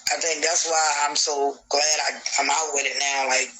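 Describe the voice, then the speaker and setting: A man tells his story in a raw, cursing, emphatic way on a live stream. His voice is very bright and edgy, and it sits a little high for a man. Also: level tone, normal speed, slight background noise, rough recording. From Baltimore, USA. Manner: blunt, profane, emphatic storytelling. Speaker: guest telling a personal story on a live stream. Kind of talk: candid live-stream testimony.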